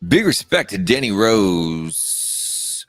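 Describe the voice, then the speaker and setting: A man's voice: on the low side, sing-song, very slow, a bit bright, dry recording, clean studio sound, soft background music. A middle-aged man hosting a live call-in show, chatting casually and rambling with many fillers and restarts. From United States. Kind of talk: casual live-stream chat.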